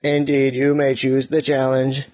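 A man voicing a pair of alien robots, speaking slowly and stiffly in a formal, mechanical way. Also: medium pitch, completely flat delivery, darkish tone, dry recording, muffled recording, natural voice. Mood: robotic, stern. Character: slow booming male alien robot.

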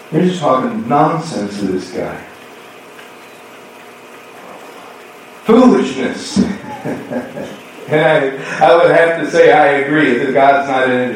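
A man preaching a sermon as pastor, telling a story and acting out both sides of a conversation with lively swings in voice. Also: mid-range voice, slight background noise. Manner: animated storytelling, acting out dialogue. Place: church sanctuary. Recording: echoey hall from far off.

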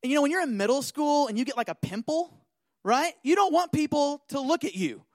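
A man giving an animated talk, telling a personal story and often checking in with listeners. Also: very high-pitched, a little fast, no room sound. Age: adult.

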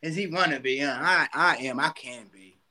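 A man's voice: on the high side, normal speed, noisy background. A man from Compton, California with a Los Angeles accent, a rapper chatting casually over a remote call, slangy and laughing with plenty of swearing. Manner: slangy, laid-back, laughing, profane. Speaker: rapper guest. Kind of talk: casual interview chat.

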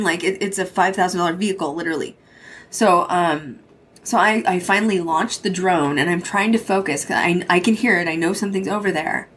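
A woman's voice: fairly low pitch, fairly bright tone, husky. Woman host telling a spooky story. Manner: swears freely, quotes others in dialogue. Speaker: podcast host. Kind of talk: casual storytelling.

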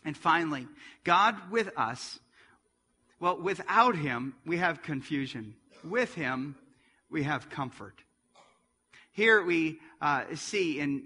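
A man in his forties preaching a sermon as pastor, earnest and rising to near-shouts at emotional moments. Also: fairly high pitch, husky, big-room sound. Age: 40s.

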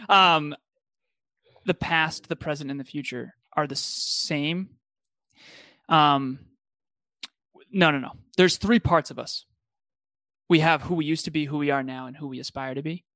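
A man's voice: fairly high pitch, bright, forceful tone, no room sound. A man co-hosting a motivational talk show, earnest and reflective, often restarting his sentences. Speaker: podcast co-host.

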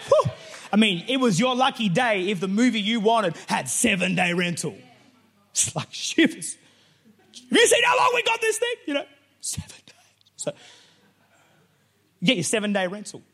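A man who is a pastor, giving a sermon in a joking, lively way to a congregation. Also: high voice.

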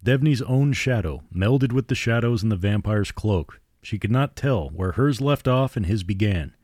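Low-voiced man narrating horror. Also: expressive, darkish tone, dry recording, clean studio sound. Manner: theatrical, measured. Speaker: podcast host and narrator.

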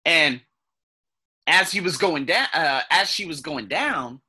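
A man casually telling a personal story on his vlog, animated and swearing freely, sometimes mimicking sounds. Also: on the high side, breathy edge. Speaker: vlogger.

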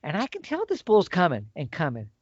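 A man's voice: on the high side, a little fast, husky, no room sound. A middle-aged man telling a hunting story in a casual, folksy way. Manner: animated, folksy storyteller with lively swings. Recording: dull, lo-fi dry sound.

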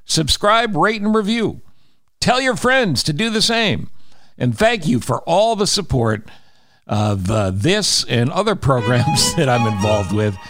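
A man's voice: a little high, sing-song, measured pace, fairly bright tone, faint music behind. A middle-aged man hosting a podcast, joking with a guest and then reading a jokey, promotional wrap-up. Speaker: podcast and radio host. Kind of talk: casual interview and show outro.

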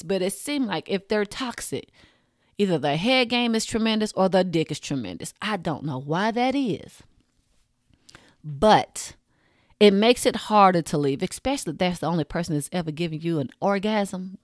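A woman's voice: fairly low pitch, expressive, moderate pace, no room sound. A woman podcast host, ranting frankly and profanely in a casual monologue into a close mic. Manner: frank, profane, rants with punchy asides.

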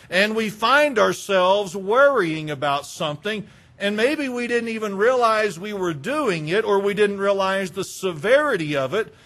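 A man's voice: high-pitched, a bit bright. A man preaching a conversational sermon as a pastor, asking the congregation questions and acting out little everyday exchanges.

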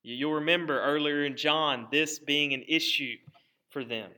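A man preaching a sermon in a bright, forceful, fairly high voice. He delivers it with strong emphasis and dramatic pauses. He often doubles back on a word as he drives home a point. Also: fairly even intonation, clean tone. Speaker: pastor.

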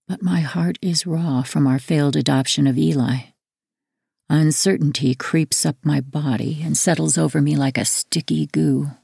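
A woman narrating a first-person memoir audiobook in a measured, earnest reading. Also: low-pitched, vocal fry, dark tone, husky, no echo, studio quality.

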